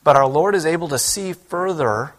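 This pastor has a fairly high, animated voice at a moderate pace as he preaches a sermon during a church service. His delivery is earnest and conversational, and he performs the quoted speech.

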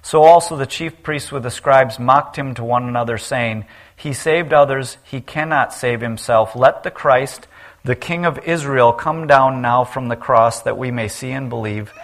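A man preaching a sermon and reading scripture aloud. He gets loud at the cries and drops low and quiet on the key lines. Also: normal speed.

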